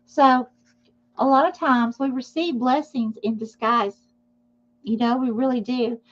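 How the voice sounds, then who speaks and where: A woman's voice: on the high side, fairly even intonation, a little slow, highs cut off. A woman giving a live tarot reading, speaking reassuringly and often checking in with "okay?". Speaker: tarot reader.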